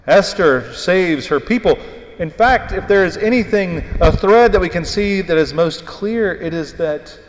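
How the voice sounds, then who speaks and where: A man preaching a sermon in a church, retelling a story with animated, emphatic delivery. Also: high voice, measured pace, a little hiss or hum. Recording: echoey hall with long reverb.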